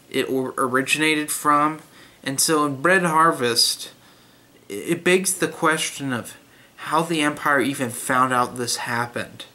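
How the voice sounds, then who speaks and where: Reviewing a book bluntly and critically, a young man talks casually, full of fillers and false starts. His voice is fairly high-pitched, pushed and bright.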